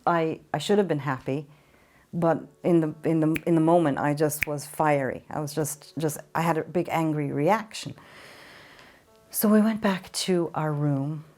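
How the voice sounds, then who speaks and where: A woman from Ireland giving an earnest, halting personal testimony in an interview, sometimes emotional. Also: low-pitched, a little mellow. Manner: earnest, halting storytelling with restarts. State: emotional at times. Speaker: interview guest.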